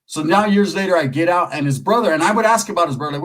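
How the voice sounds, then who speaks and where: A man's voice: a little high, animated, fast talker, a bit bright, poor audio. A middle-aged man from California telling prison and neighborhood stories in casual, profane street slang. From Merced area, California. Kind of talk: casual storytelling.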